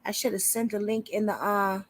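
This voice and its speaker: Woman, livestream host, chatty, casual slang, mid-pitched voice. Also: fairly even intonation, a little fast, rough recording. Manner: chatty, laughs often, informal slang.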